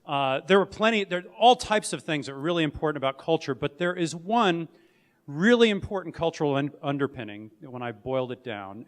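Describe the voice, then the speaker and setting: A middle-aged man, a company founder and CEO, giving a candid, conversational conference talk with frequent restarts. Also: mid-range voice. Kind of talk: conference presentation. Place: conference room or hall. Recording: long reverb of a hall.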